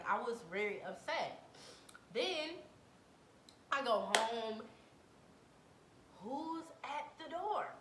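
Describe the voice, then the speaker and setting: A young adult woman telling a personal story to camera in a dramatic, animated way, full of slang. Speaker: vlogger. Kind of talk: storytime vlog. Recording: echoey room, faint rumble.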